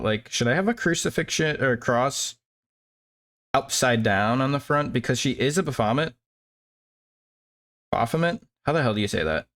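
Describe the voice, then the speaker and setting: A man's voice: mid-range voice, a bit bright. A young man chatting casually on a stream while drawing, rambling with lots of fillers and laughing at himself.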